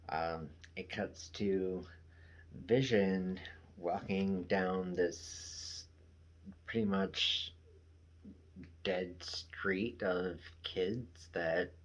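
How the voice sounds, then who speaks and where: A man giving a casual episode recap, rambling along with many fillers and trailing asides. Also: low-pitched. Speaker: show reviewer.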